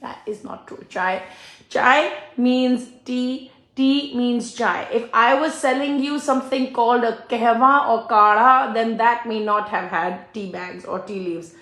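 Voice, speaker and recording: A middle-aged woman chats through a cooking vlog with a fairly high voice, laughing often and acting out the people in her story. Her voice bounces around a roomy home kitchen. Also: unhurried, fairly bright tone. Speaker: cooking channel host and small shop owner.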